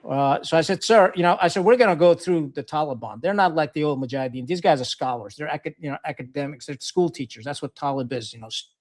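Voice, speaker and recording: A man's voice: fairly high pitch, fast talker, hardly any pauses. A middle-aged man from Pakistan, a retired Marine officer, telling war stories as a podcast guest in a frank, profane way, with lots of fillers and restarts. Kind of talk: casual storytelling interview.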